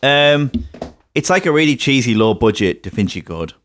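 A man, co-hosting a casual film review podcast and mocking the film with animated asides. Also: medium pitch, moderate pace. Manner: animated, mocking, swings into silly put-on voices. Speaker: podcast co-host.

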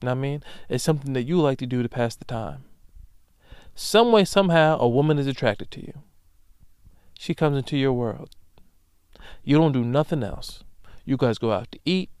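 A young man hosting a solo comedic podcast, ranting emphatically with profanity and loud animated bursts. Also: medium pitch, moderate pace, long pauses, clean tone, no room sound, clean studio sound. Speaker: podcast host.

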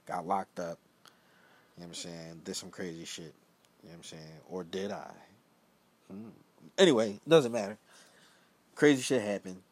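A young man, hosting his own show in a loose, rambling solo talk that keeps trailing off into mumbled asides. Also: deep voice. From Philadelphia. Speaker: podcast host. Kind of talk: casual solo monologue.

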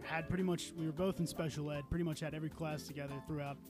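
A man's voice: fairly high pitch, steady tone, racing. Joking man hosting a podcast quiz. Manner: joking, storytelling, quizmaster. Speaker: podcast host. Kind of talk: casual podcast banter. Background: music held up to the mic.

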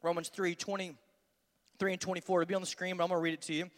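A man, a student pastor giving an energetic, conversational youth sermon in a large church hall. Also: high-pitched, fast. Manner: energetic, conversational, acts out dialogues. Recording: long hall reverb.

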